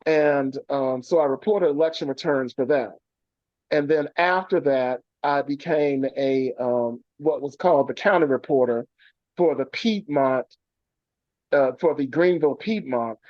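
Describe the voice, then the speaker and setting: A man's voice: mid-range voice, unhurried, no room sound. Man, journalist guest, remote. Storytelling with restarts; muffled, dry call sound. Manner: rambling anecdotes with many fillers and restarts. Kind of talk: remote radio interview, storytelling. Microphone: video call. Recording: dull lo-fi call audio.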